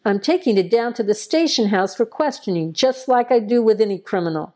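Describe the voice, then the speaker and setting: A woman's voice: on the high side, expressive, brisk, darkish tone, close to an everyday voice. A woman reading an audio horror story, voicing a stern, curt small-town male deputy.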